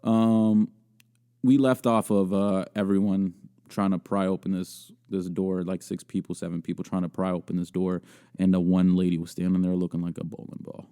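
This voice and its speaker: Hosting a podcast, a young man tells a crude story and riffs on a video, rambling and mocking himself while laughing often. His low voice sounds smooth and warm, with a level tone and a moderate pace.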